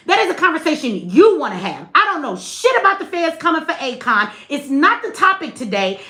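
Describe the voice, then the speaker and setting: A woman's voice: high-pitched, pushed and bright, echoey room. Blunt, profane woman livestreamer. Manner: blunt, profane, talks straight to chat. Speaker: livestream host. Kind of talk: livestream commentary.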